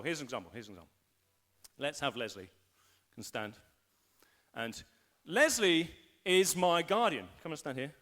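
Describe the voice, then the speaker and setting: Male pastor, live sermon, animated delivery with voiced inner thoughts, bright high register. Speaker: senior pastor. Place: school hall used for a church service.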